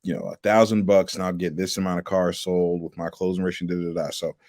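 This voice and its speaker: A man, a car salesman guest on a podcast, telling animated stories and acting out quotes in a casual chat. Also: low voice, fast talker, dry recording, clean studio sound.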